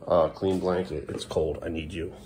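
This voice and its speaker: A man's voice: low-pitched, little pitch movement, moderate pace, mellow, slight background noise. A man in his thirties, a sleepy father filming a casual family vlog at home and outside, teasing and coaxing his kids along. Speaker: father and vlogger. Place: home kitchen, then outdoors by the street.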